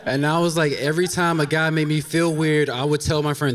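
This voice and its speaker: A man's voice: on the high side, little pitch movement, a little fast, background noise. A man in his thirties telling a funny true story on stage, candid, with laughing asides to the audience. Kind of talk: live personal storytelling on stage. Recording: long reverb of a stage hall.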